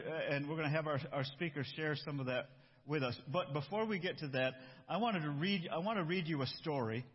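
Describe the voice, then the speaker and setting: A man pastor giving a sermon and reading a storybook aloud, with relaxed, self-interrupting asides. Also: fairly high pitch, slightly rough. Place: church. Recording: dull echoey church hall.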